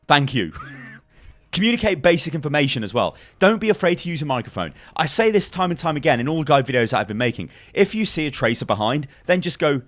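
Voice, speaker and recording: Young gaming host, a touch high-voiced, emphatic and repetitive, a bit hoarse from ranting. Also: male voice, very animated, quick pace. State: slightly hoarse. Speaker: gaming YouTuber. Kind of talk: fast-paced game tips guide.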